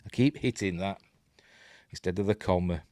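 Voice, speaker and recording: A man's voice: deep voice, normal speed, dark tone, dry recording. A middle-aged man with a Yorkshire accent giving a casual watch-along film commentary, rambling with many fillers and muttered asides. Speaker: film reviewer.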